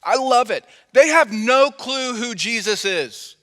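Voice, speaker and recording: Bright, high-voiced male pastor preaching. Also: animated, slow pace. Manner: conversational and playful, acting out quotes. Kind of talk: sermon. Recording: long hall reverb.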